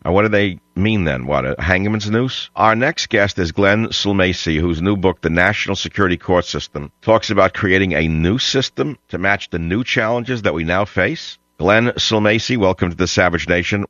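A man's voice: deep voice, normal speed, hardly any pauses, fairly bright tone, no echo. A man hosting a talk radio show, ranting sarcastically and drifting between stories. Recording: dull lo-fi radio sound.

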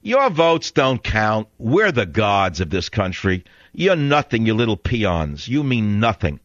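A man's voice: lowish voice, big pitch swings, a little slow, fairly bright tone, dry recording, muffled recording, pitched below the performer's own voice. A man putting on the voice of an arrogant, contemptuous male judge, sneering and haughty.

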